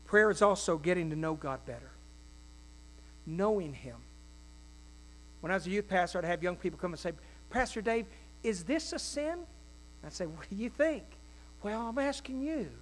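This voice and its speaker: A male pastor preaching a sermon in a folksy, animated way, with quick asides and acted-out quotes. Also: high voice, a little hiss or hum, poor audio. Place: church.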